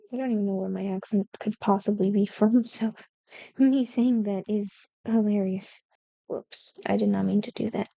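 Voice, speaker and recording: A woman's voice: fairly high pitch, gravelly, mellow, no echo. Chatty woman vlogging while painting. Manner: chatty, self-mocking, talks to viewers. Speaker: art vlogger. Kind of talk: casual chat while painting. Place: indoors, sitting on the floor.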